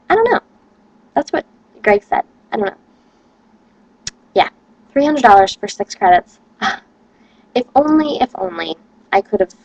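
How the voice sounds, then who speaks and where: Young woman, higher voice, casual rambling complaints, dry close sound. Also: a little mellow, no room sound, low-quality recording. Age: young adult. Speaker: college student vlogger. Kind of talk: casual chat to camera.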